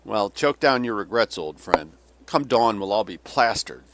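A man's voice: lowish voice, expressive, a little slow, background noise, voice pushed up. A man reading as a cynical old Russian general. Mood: sardonic. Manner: sardonic, bitter tirades. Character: weary cynical older male Russian general.

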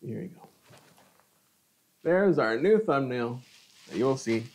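A man's voice: mid-range voice, animated, slow, darkish tone. A middle-aged man hosting a live cooking stream, chatting casually and savoring each bite of food between remarks. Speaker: cooking channel host.

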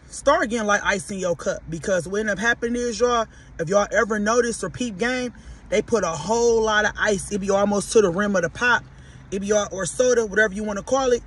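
A man from Detroit with a Detroit accent, chatting casually to viewers while he eats and reviews fast food, often calling them "y'all". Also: high voice, a bit bright, husky. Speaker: podcast host reviewing food.

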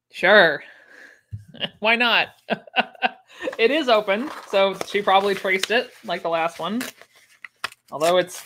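A woman's voice: mid-range voice, fairly bright tone. A young woman chatting casually on a livestream, with wry asides and easy laughs. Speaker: livestream host unboxing sewing patterns. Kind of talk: casual chat.

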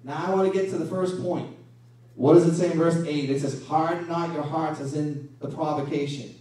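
Male pastor, high voice, lively sermon delivery, distant mic in a very roomy hall. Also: normal speed. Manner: animated preaching with rhetorical questions. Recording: echoey room from a distance.

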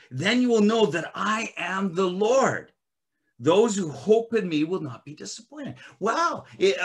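A man preaching a sermon as a ministry director, swinging from loud emphatic bursts to quiet scripture reading, with frequent restarts. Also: sits high. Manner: restarts and filler uh often.

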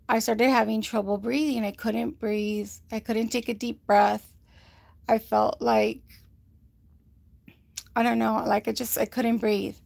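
A woman's voice: fairly high pitch, creaky, darkish tone, no echo. A woman giving a rambling, casual health update to livestream viewers, often quoting others and using many fillers, a little short of breath. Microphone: phone.

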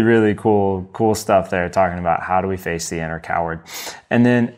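A man's voice: sits low, a little fast, a little mellow. A man in his thirties from the United States, hosting a podcast and talking enthusiastically through a book review, with many fillers and restarts. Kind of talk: casual solo book review.

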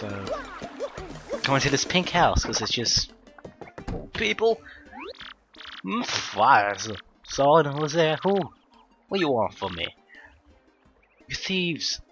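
A man's voice: mid-range voice, big pitch swings, takes it slowly, long pauses. A young man casually commenting on his own gameplay, rambling with crude jokes and mumbled asides. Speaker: let's play gamer. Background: game music.

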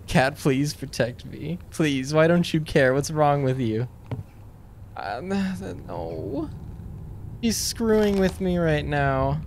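A man playing a horror game and talking to his viewers. He reads the game text in a hushed voice, then breaks into sudden panicked yelps and nervous jokes. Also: on the high side, animated, slow pace, slight background noise. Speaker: gaming streamer.

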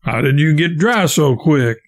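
Man voicing a raftsman boss, gruff, blunt, commanding, slightly high-pitched. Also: lively intonation, a little slow. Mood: stern. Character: gruff grown raftsman boss, stern but fair.

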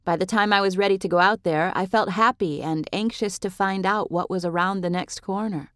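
A woman narrating a novel in the first person, in a measured, expressive way. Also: mid-range voice, no echo, clean studio sound. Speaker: audiobook narrator.

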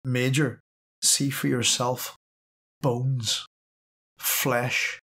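A man's voice: medium pitch, flat delivery, drawn-out words, fairly bright tone, husky, exaggerated voice. A man reading a blunt wartime woman soldier. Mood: cold.

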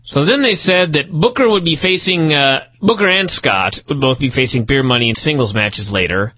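A man's voice: on the high side, expressive, normal speed, bright, forceful tone, no room sound, muffled recording. A man co-hosting a wrestling review podcast, sarcastic and profane, working himself up into incredulous rants. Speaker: podcast co-host. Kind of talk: casual wrestling review chat.

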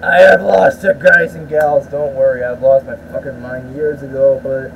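A man's voice: mid-range voice, fairly even intonation, moderate pace, creaky, lo-fi sound, a little hiss or hum. A man ranting to camera in a rambling, profane way, restarting his sentences often. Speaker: YouTuber. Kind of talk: ranting vlog talk.

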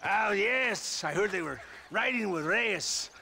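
An actor playing a jovial, drunken middle-aged Mexican colonel who laughs between words, with a Mexican accent, in a video game. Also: male voice, high voice, lively intonation, slow, gravelly, pushed and bright, exaggerated voice. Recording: noisy game audio.

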